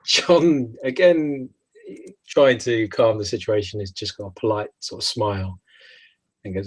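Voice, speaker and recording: A man's voice: on the low side, fairly even intonation, measured pace, breathy edge, no room sound, rough recording. A man narrating his character in a tabletop role-play, hesitant and often laughing. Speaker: player.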